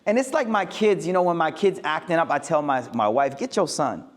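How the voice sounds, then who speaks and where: A man's voice: on the high side, sing-song, a little fast, background noise. A man giving a casual, joking religious talk to a live audience, using street slang and acting out quoted lines. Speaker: Islamic speaker.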